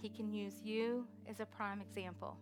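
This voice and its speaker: A woman preaching a sermon with energetic call-and-response exhortation. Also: mid-range voice, moderate pace, music in the background.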